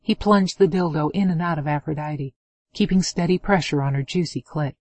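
A woman narrating an adult romance novel in a steady, expressive reading on a close mic. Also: sits low, a little fast, no room sound. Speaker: audiobook narrator.

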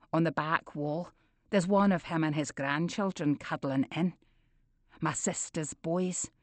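Woman, audiobook narrator, slow and emotionally intense, dry close recording. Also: fairly low pitch, dry recording. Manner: intense and emotional, building to anger. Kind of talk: first-person audiobook narration.

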